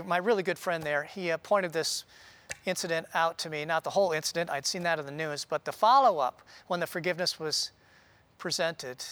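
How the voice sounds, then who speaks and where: A man preaching a sermon in an earnest, conversational way, often pausing with "uh". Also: on the high side, sharp tone. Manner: earnest, conversational, with frequent "uh" pauses. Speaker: pastor.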